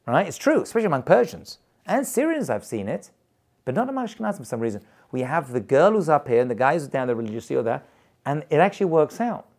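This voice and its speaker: A rabbi with a fairly high, somewhat dark voice teaches a live class at a rapid, very animated clip. His style is informal and emphatic, and he repeats his points and chuckles along the way in this lively lecture to a group.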